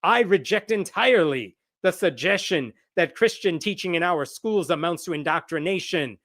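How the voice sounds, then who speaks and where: A man's voice: sits high, animated, moderate pace, fairly bright tone, no echo, studio quality. A man doing a pompous Irish politician. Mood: indignant. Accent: put-on Irish. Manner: indignant, declamatory. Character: pompous conservative male politician from Northern Ireland.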